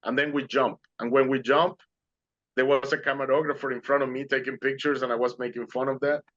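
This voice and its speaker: A man in an online interview, recounting a dramatic personal story with earnest animation and non-native English phrasing. His voice sits at an ordinary middle pitch. The sound is slightly muffled and lo-fi, as a video call tends to be. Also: flat delivery, fairly quick, fairly bright tone. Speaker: guest speaker.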